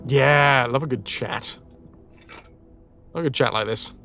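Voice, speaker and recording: A man's voice: medium pitch, steady tone, unhurried, sharp tone, soft background music. A man with a Yorkshire accent streaming a game, chatting casually, musing aloud and answering his chat. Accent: northern English, Yorkshire. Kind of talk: casual live-stream chat while gaming.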